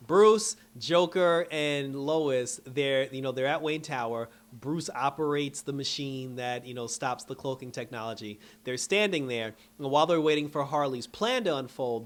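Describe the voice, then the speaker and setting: A man's voice: mid-range voice, moderate pace, hardly any pauses. A man casually recapping a TV episode, telling it like a story and acting out the characters' lines with bursts of laughter. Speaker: show reviewer.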